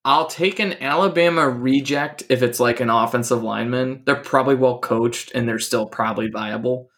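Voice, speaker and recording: A man's voice: medium pitch, normal speed, fairly bright tone. A man co-hosting a podcast, chatting casually about college football and hedging his points with lots of fillers. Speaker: podcast co-host. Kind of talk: casual sports chat.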